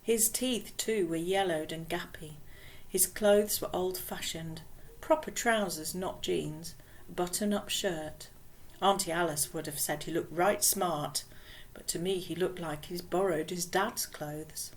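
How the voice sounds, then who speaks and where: A woman reading a children's novel aloud in a calm, unhurried way, now and then dropping to a whisper. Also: lowish voice, slight background noise, poor audio. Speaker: audiobook reader.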